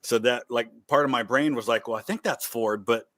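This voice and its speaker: A man's voice: medium pitch, brisk, a bit bright. Guest, man from Ohio, casual chat, thoughtful and explanatory. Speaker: guest on a quiz.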